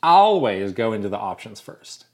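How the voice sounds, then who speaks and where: A woman's voice: very deep voice, very animated, moderate pace, a little mellow. A woman co-hosting a casual podcast, reading listener questions aloud and bantering playfully. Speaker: podcast co-host. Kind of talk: casual chat.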